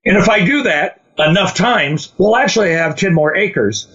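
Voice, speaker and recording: A man's voice: high voice, moderate pace. A man co-hosting a casual podcast, telling stories and quoting people as he goes. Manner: storytelling, quotes others in animated voices. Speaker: podcast co-host. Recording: dull lo-fi sound.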